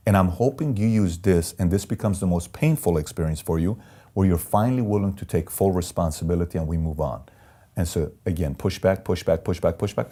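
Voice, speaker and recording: A man from Iran, a guest in an interview, telling candid personal stories and acting out the voices of people he quotes. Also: deep voice. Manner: animated storyteller, acts out quoted voices. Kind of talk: candid storytelling in conversation.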